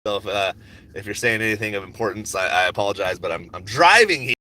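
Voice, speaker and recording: Talking fast with lively intonation, this stock vlogger has a lowish voice that sounds pushed and bright on a dry recording. He casually rambles through a phone livestream about his stock picks as he drives and then waits for coffee. His manner is laid-back and jokey, full of swearing and laughter.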